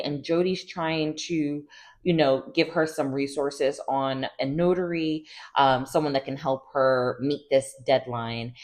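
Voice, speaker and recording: Low-voiced gossipy woman recapping TV. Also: darkish tone. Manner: chatty and gossipy, heavy use of "like", laughs often. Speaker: reality TV recap host. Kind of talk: casual TV recap chat.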